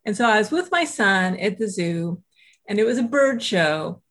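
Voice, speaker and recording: Speaking at a medium pitch and moderate pace, a middle-aged woman appears as a guest author. She shares a personal story in a lively, self-deprecating way, performing the quotes she recounts.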